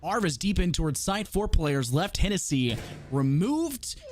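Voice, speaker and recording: Male esports play-by-play caster, fairly high voice, quick and teasing, from the American South. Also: sing-song, slight background noise. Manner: quick and teasing, joking between plays. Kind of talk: play-by-play commentary.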